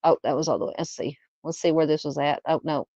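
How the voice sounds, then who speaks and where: A woman's voice: deep voice, steady tone, quick pace, dark tone, no room sound, lo-fi sound. A woman with a Southern American accent hosting a casual livestream, chatting and reading out viewer comments. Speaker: livestream host. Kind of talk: casual live-chat.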